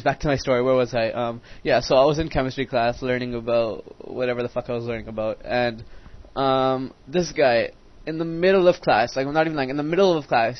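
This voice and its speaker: A teenage boy giving casual commentary over a strategy game, rambling, swearing freely and drifting off into side stories. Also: medium pitch. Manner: rambling, profane, easily sidetracked. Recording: dull lo-fi recording.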